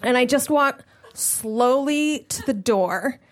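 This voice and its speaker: A woman comedian with a high voice tells a story with animated energy, often breaking into laughter. She is performing at a live show. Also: slow, a faint crowd. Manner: animated, laughing through the telling. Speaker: guest comedian.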